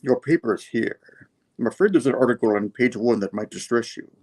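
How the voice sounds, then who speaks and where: A man's voice: mid-range voice, lively intonation, a little fast, a little mellow. A prim insect butler, played by a man delivers the morning news with stiff formality. His voice stays close to the man's everyday tone, just a touch more proper. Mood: polite.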